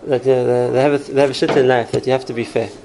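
Gravelly man lecturing a class. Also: medium pitch, flat delivery, fast talker, noisy background. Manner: explains through stories and examples, answers questions. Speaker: teacher.

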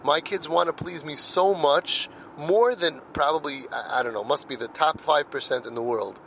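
A man's voice: on the high side, moderate pace, creaky, fairly bright tone, slight background noise, low-quality recording. A middle-aged man speaking earnestly about parenting, telling personal stories and repeating words when he presses a point. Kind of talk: heartfelt monologue.

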